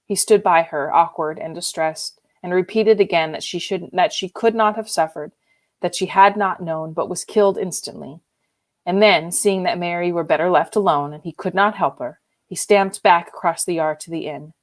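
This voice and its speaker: A woman reading a novel aloud in an expressive, emotionally involved way. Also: fairly low pitch, normal speed. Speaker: reader. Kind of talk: audiobook reading.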